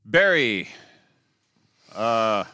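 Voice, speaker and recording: Excitable podcast dude, kinda low voice, smooth, dry close mic, says like a lot. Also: male voice, very slow, dry recording. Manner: rambling, excitable, swears, lots of "like". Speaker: podcast host. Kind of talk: casual chat recapping TV shows.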